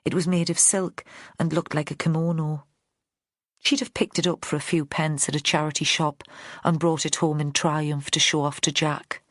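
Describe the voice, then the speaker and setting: Reading an audiobook script, a low-pitched woman keeps her storytelling steady and measured. There's no echo, and the sound is clean, studio-grade.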